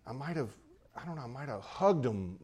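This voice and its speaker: A pastor preaching a sermon in a conversational way, often restarting and repeating phrases. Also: male voice, mid-range voice, expressive, a little fast, darkish tone, slightly rough.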